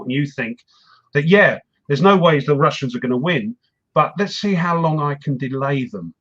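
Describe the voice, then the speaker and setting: A man with a fairly high voice chats casually about wargames, rambling and poking fun at himself. His audio comes through dull and lo-fi, like a home stream setup. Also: a bit bright. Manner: rambling, self-mocking, laughs often. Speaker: wargaming show host. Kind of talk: casual chat.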